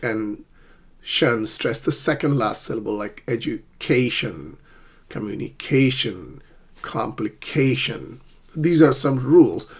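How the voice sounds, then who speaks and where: A man teaching an English pronunciation lesson, speaking slowly and deliberately and exaggerating the stressed syllables. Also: mid-range voice, slightly rough.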